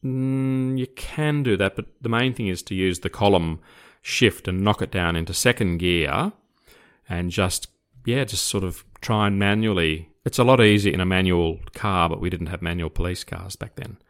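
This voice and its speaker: A man's voice: sits low, moderate pace, clean tone. An older man from Australia, a retired police officer, telling a story in casual conversation, hesitant with repeated words but growing vivid. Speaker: retired police officer recounting his career.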